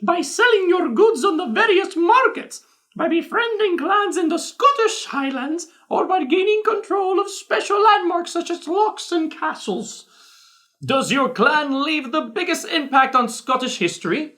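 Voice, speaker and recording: A lofty, mock-regal narrator, put on by a board game co-host reads box text in a pitched-up, stately, drawn-out voice. The delivery is grand and slow. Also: expressive, fairly bright tone, heavily acted. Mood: grandiose. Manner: exaggerated, stately, drawn-out reading.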